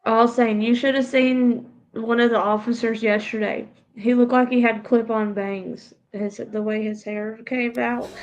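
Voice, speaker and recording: A woman hosts a casual livestream with a stuffed-up nose, talking to her viewers and her pets between remarks. Her voice is gravelly, with a low, even tone that hardly rises or falls. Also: lo-fi sound, a little hiss or hum. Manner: chatty, talks to viewers and pets. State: congested. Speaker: livestream host.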